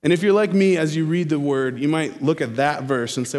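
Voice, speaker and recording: Man, pastor, sermon, slightly high voice, long hall reverb. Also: darkish tone. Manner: expository preaching, repeats key phrases slowly for emphasis.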